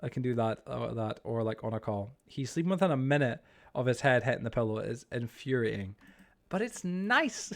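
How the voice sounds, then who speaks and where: A man's voice: mid-range voice, fast, creaky. A man chatting casually while streaming a game. He rambles, swears freely, stammers and pokes fun at himself. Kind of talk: casual chat while gaming.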